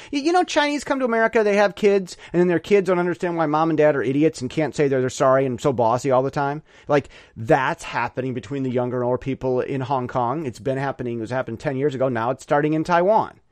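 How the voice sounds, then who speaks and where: Man, opinion monologue, emphatic, stop-start repetitions, lively pitch, dry sound. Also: dry recording. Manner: halting, repeats words and restarts; emphatic, ranting. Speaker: commentator.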